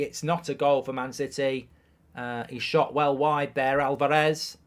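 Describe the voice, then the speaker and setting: Brief: male football watchalong host, raised pitch, crude banter, reels off scores and messages. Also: fairly even intonation, moderate pace. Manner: crude, joking, reads out viewer messages and scores. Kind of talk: live football watchalong chat.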